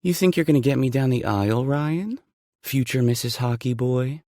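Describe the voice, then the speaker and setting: A man's voice: medium pitch, animated, moderate pace, warm tone, dry recording, pitched above the performer's own voice, close to an everyday voice. A man voicing a teasing, dry-witted woman. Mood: playful. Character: playful, teasing adult woman. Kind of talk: audiobook character voicing.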